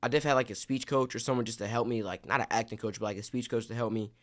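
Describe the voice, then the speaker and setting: A young man, an actor, telling stories in a casual interview, animated and acting out what others said. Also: medium pitch, very fast. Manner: animated storyteller, acts out quotes.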